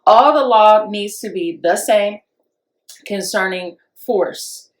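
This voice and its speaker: A woman's voice: slow pace, echoey room, low-quality recording. A woman co-hosting a podcast, chatting casually and acting out quotes as she tells stories. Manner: animated storyteller, acts out quotes with rising pitch. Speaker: podcast co-host. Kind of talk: casual discussion.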